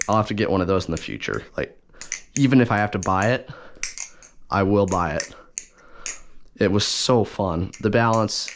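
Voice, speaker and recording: Low-voiced guy rambling thru a knife review, faint clicking behind. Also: a little hiss or hum. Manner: rambling, self-correcting, enthusiastic. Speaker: balisong reviewer. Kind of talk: casual unboxing and review vlog.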